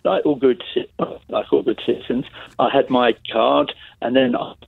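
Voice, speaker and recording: A man's voice: medium pitch, fairly even intonation, normal speed, vocal fry, no echo. A man in his sixties calling a radio show, rambling and stumbling over his words. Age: 60s. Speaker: caller. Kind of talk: phone-in call. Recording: tinny phone line.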